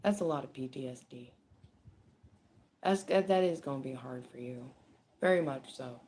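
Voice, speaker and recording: A woman giving a casual tarot reading, chatty and animated, with frequent laughter and swearing. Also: extremely low pitch, normal speed, slight background noise. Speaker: tarot reader. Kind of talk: casual spoken card reading.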